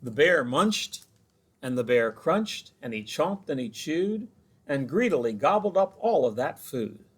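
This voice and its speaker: Man, children's librarian, storytime read-aloud, husky voice, lively swooping intonation. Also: a little high, a little slow. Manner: expressive, chatty asides to children. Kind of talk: picture-book read-aloud.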